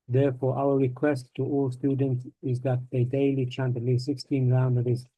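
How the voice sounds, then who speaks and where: Flat-voiced man reading aloud, dull sound. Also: mid-range voice, dry recording. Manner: measured, even reading. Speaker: student reader. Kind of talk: reading scripture commentary aloud.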